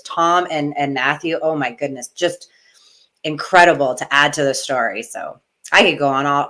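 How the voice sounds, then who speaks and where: A woman's voice: low voice, pushed and bright. A middle-aged woman talking in a casual interview, emotional and gushing, close to tears at times. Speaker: guest, retired wrestler.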